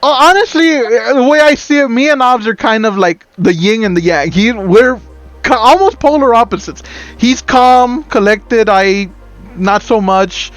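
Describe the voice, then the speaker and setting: Podcast co-host, man with a high voice, exasperated swearing rant. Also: moderate pace, fairly bright tone, no echo. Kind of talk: casual gaming podcast chat.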